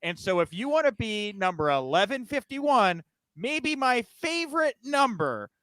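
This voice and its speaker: A man hosts a casual news podcast in a high, bright voice. He rambles and giggles at his own jokes, recorded dry and close with no room sound. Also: sing-song, unhurried, no room sound. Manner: giggly, rambling, self-mocking. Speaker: podcast host.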